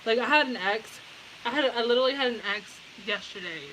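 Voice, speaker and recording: A woman's voice: a little high, fairly quick, low-quality recording. A woman giving a casual pick-a-card tarot reading. She talks bluntly, swears freely and often breaks into laughter. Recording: steady background hiss.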